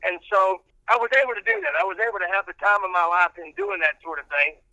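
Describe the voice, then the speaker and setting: A man's voice: high-pitched, animated, quick pace, sharp tone, dry recording, rough recording. An older man, a radio personality, telling rambling stories in casual podcast chat with many restarts.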